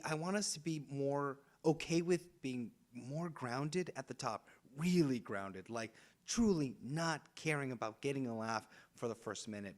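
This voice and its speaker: A man from Los Angeles, an improviser guest on a podcast, talking earnestly and loosely in casual chat. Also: mid-range voice. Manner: earnest, loose, with many fillers and restarts.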